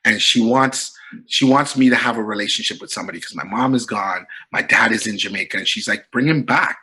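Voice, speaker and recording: A middle-aged Canadian comedian telling funny stories in a casual podcast chat, laughing often. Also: male voice, lowish voice, quick pace, rough recording. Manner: animated storytelling, laughing often.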